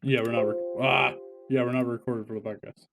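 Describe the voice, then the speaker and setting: A man's voice: medium pitch, steady tone, quick pace, vocal fry, music in the background. A man hosting a podcast in casual chat, teasing and arguing with his co-hosts. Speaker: podcast host.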